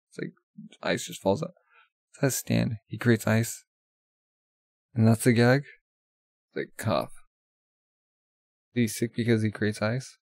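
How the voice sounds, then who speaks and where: A man reads a comic aloud in a relaxed, offhand way, voicing each character in his own plain, mid-pitched voice. He trips over words and restarts lines as he goes. The sound is close and dry. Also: measured pace, vocal fry, pauses often, no echo. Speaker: manga reader. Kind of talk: casual read-aloud of comic dialogue.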